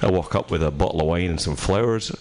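A middle-aged Scottish man with a very deep voice. He chats casually, swearing freely and laughing through his own stories. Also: fast, darkish tone. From Scotland. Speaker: radio show host. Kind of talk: casual storytelling chat.

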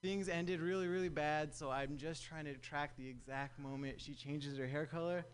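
A man's voice: fairly high pitch, steady tone, normal speed. A young man from Southern California performing a stand-up comedy set, talking wryly and conversationally to a live audience. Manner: conversational, wry, addresses audience as guys.

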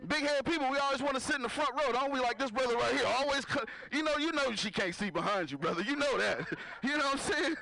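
A man's voice: extremely high pitch, fast talker, gravelly, hardly any pauses, sharp tone, a little hiss or hum. A man doing a stand-up comedy set, talking loosely with the crowd and laughing at his own jokes. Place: live comedy venue with audience.

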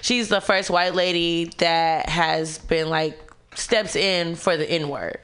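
A woman's voice: fairly low pitch, fairly even intonation, slow, fairly bright tone, smooth. A young woman co-hosting a radio talk show, chatting candidly and animatedly in slangy, casual speech. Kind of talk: casual chat.

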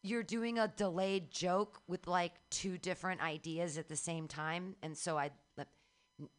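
A woman radio host talks through comedy notes in a loose, animated way. She laughs easily and jumps between thoughts. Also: on the low side, a little slow. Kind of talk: casual comedy workshop chat.

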